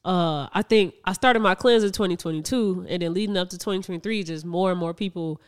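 Smooth-voiced podcast co-host telling stories. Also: medium pitch, fairly quick. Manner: chatty storyteller, laughs often, restarts mid-sentence. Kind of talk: casual chat.

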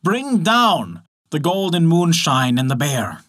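A man's voice: a little high, wildly swooping pitch, takes it slowly, fairly bright tone, exaggerated voice. A man voicing a crafty, persuasive old male wizard from a folktale, coaxing and chanting spells. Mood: urging. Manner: coaxing, incantatory.

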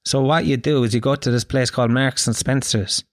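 A man's voice: mid-range voice, fairly even intonation, fairly quick, no echo, clean studio sound. A young Irish man hosting a podcast, telling rambling, profane comic stories in a jokey monologue. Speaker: podcast host.

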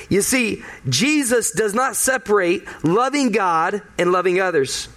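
A man's voice: sits high, expressive, measured pace, few pauses, a bit bright. A male pastor giving a conversational sermon, emphatic and fond of repeating key phrases.

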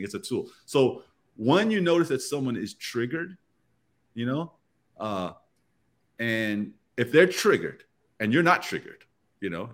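A man of middle pitch sits in on a round-table podcast as a guest. He explains things step by step in a loose, conversational way. He keeps slipping into brief acted-out exchanges to make his points. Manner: explains step by step, often acting out quoted dialogue.

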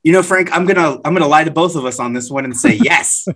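A man co-hosting a podcast, joking and self-deprecating in a deadpan way. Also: a little high, fast. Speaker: podcast co-host. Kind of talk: casual podcast chat.

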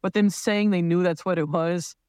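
A man with a slightly high voice, speaking as a podcast guest and telling a long story in a loose, casual way. He laughs often and keeps things light. The sound is dry and close, with no room around it. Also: fairly even intonation, moderate pace, darkish tone, clean tone, no room sound. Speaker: parent.

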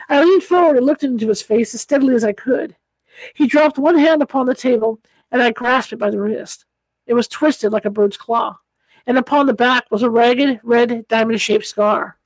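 A woman's voice: fairly high pitch, no echo, low-quality recording. Woman reading a story aloud, dry sound. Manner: measured storytelling. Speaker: audiobook reader. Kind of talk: audiobook reading.

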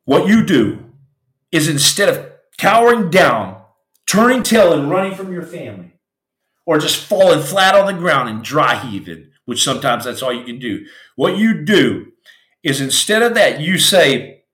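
A man's voice: on the high side, very animated, a little slow, a bit bright. Fired-up guy preaching motivation on a podcast, voice jumps all over, kinda echoey room. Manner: intense, preachy, raw and emotional. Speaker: podcast host, former Navy SEAL. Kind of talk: impassioned motivational storytelling.

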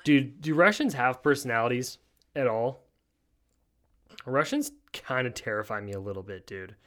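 A man hosting a solo podcast, chatting casually through odd news stories. His speech is laid-back and wisecracking, with "dude" dropped into nearly every thought, and his pitch sits right in the middle of the range. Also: lively intonation, moderate pace, a bit bright. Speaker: podcast host.

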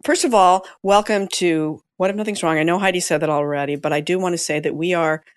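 A woman's voice: fairly low pitch, steady tone, fast, clean tone, no room sound, clean studio sound. A woman co-hosting a podcast in casual chat, playful and teasing, laughing often. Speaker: podcast co-host.

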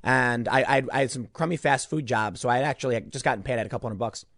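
A man's voice: mid-range voice, very fast, fairly bright tone, no echo, clean studio sound. A young man giving an emphatic opinion monologue as a political commentator, ranting and often repeating words.

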